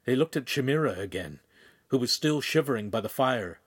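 Man, audiobook narrator, steady storytelling, middle pitch. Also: brisk, slightly rough. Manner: steady storytelling, voices characters. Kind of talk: scripted narration.

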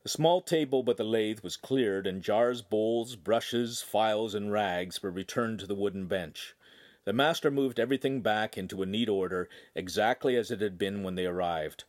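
A man narrating an audiobook in an expressive storytelling manner. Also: fairly low pitch, moderate pace. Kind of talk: scripted narration.

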